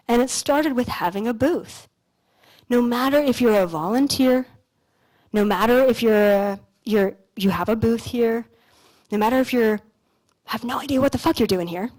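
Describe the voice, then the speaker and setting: A woman from Canada in her thirties telling a story on stage in a casual, animated way, full of "like" and the odd swear word. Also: on the high side. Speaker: speaker on stage. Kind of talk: motivational stage talk with storytelling. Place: stage at a large expo hall.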